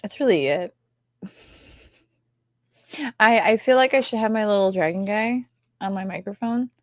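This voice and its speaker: A woman co-hosting a casual livestream chat, playful, sometimes dropping into soft whispers as she shows off her toys. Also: medium pitch, moderate pace, no room sound, studio quality. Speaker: co-host.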